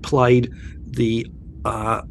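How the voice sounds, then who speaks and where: A man's voice: mid-range voice, flat delivery, drawn-out words, vocal fry, a little hiss or hum. An Australian man in his forties, chatting casually on a podcast, telling stories with blunt, wry asides. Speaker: podcast co-host.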